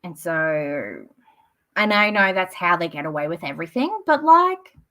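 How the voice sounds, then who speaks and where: A late-20s Australian woman who streams about books rambles casually on a live broadcast, saying "like" and "um" constantly. Her voice sits lowish, sing-song and bright with a forceful tone, at a measured pace.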